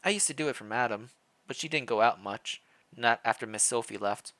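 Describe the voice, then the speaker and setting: A man voicing a kindly elderly female housekeeper, speaking gently and politely in a put-on foreign accent. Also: medium pitch, brisk, no echo, lightly acted.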